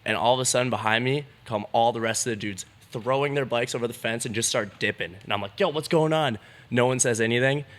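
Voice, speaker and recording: A man's voice: mid-range voice, steady tone, quick pace, hardly any pauses, fairly bright tone. A young man, a BMX rider, telling a story as a podcast guest in a laid-back way, swearing freely and filling with "like". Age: young adult. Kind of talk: casual storytelling.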